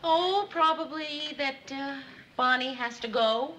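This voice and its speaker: Earnest flustered coworker. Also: female voice, sits high, takes it slowly. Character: earnest polite young woman at work. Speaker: office worker. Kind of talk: sitcom acting. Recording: noisy old TV soundtrack.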